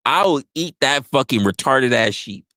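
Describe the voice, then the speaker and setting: Brief: male podcast host, loud opinionated rant, profane, repetitive, animated pitch, dead-dry mic. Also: normal speed, dry recording. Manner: profane, emphatic, repeats himself.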